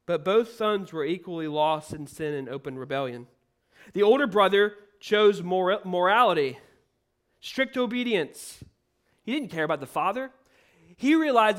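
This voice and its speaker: A man with a high voice delivers a sermon from the pulpit. He preaches emphatically and keeps putting rhetorical questions to his listeners. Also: expressive, moderate pace, fairly bright tone.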